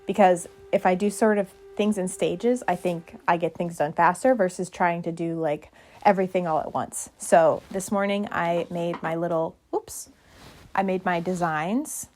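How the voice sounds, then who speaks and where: A young woman talks through her day in a relaxed vlog narration, her voice sitting a little low for a woman. She rambles in a chatty way and pokes fun at herself as she goes. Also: moderate pace, a little hiss or hum. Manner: chatty, rambling, self-deprecating. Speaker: vlogger.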